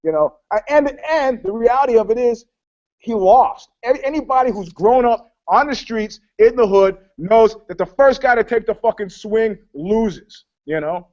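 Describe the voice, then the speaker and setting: A man with a fairly high voice rambles through profane stories in a casual podcast chat, acting out quotes as he goes. He talks over a video call, and the sound is dull and dry. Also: expressive, normal speed, a little mellow, no echo. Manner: profane, rambling storyteller who acts out quotes. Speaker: panelist.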